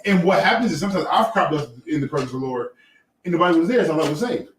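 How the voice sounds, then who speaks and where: A man's voice: a little high, racing, a little hiss or hum. A man hosting a morning radio talk show, telling funny stories with lots of laughter. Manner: animated storytelling, laughing often. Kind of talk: casual chat. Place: radio studio. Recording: roomy, from far off the mic.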